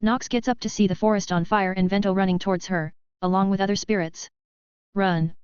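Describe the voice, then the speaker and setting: A woman narrating a web novel audiobook in a steady, even reading voice. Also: medium pitch, fast, clear, resonant tone, no room sound. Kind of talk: scripted narration. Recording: slightly dull lo-fi audio.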